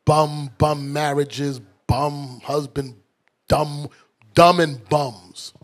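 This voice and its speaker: A man's voice: on the high side, steady tone, drawn-out words. A man preaching as a bishop in a fiery, mocking, blunt sermon style. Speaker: bishop and teacher.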